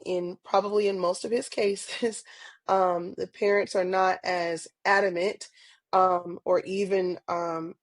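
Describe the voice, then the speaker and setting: A woman's voice: medium pitch, no room sound. A woman guest on a podcast interview, talking casually and earnestly with lots of ums and small laughs. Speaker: podcast guest, parent advocate.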